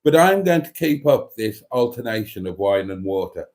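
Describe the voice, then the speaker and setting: A man's voice: fairly low pitch, very animated, moderate pace, darkish tone. A man hosting a casual live chat, reading out viewer comments in a camp, theatrical manner. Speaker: host of a live chat show.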